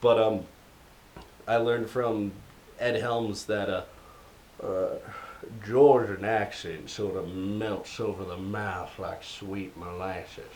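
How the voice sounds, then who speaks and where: A young American man co-hosting a podcast in casual chat, rambling and jokey, often trailing off quietly. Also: fairly low pitch, fairly even intonation, slow pace, a little hiss or hum. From United States. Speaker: podcast co-host.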